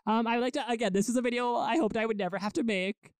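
A man's voice: very high voice, steady tone, racing, no room sound, studio quality. A young man co-hosting a podcast in casual chat, joking and making mock-formal apologies. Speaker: podcast co-host.

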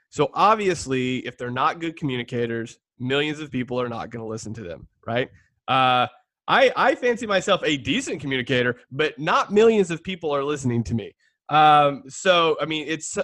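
Lively chatty man. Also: mid-range voice, dry recording. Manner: animated, chatty, laughs often, mimics voices. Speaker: podcast co-host. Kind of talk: casual conversation about preaching.

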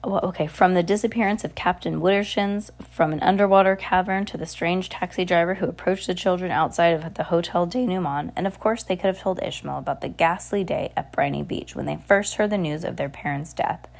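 A woman's voice: lowish voice, fairly quick, creaky, hardly any pauses. A woman reading a novel aloud in an unpolished way, restarting words as she goes. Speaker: reader.

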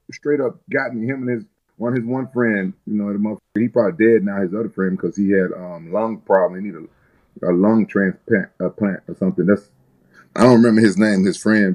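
A man's voice: lowish voice, dull audio. A man from the United States, a guest in an interview, telling rambling, profane stories with many restarts. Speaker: guest fighter. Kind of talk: casual interview storytelling.

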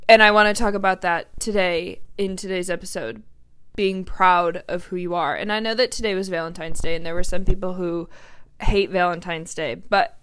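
A woman in her twenties hosts her own podcast, delivering a candid solo monologue in a lowish, slightly bright, clean voice. She's chatty and emotional, using "like" and fillers heavily.

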